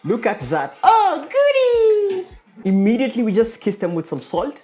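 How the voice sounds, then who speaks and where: A woman hosting a playful cooking vlog, goofy and exaggerated, with sudden loud outbursts. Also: medium pitch, expressive, brisk. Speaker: cooking vlogger.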